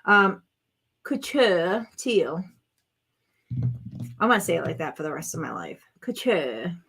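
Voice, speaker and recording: A woman's voice: deep voice, very animated, moderate pace, creaky, sharp tone, husky. Chatty woman crafting on camera. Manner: chatty, self-narrating while working, exclaims over colors. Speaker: craft vlogger. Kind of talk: casual crafting chat to viewers.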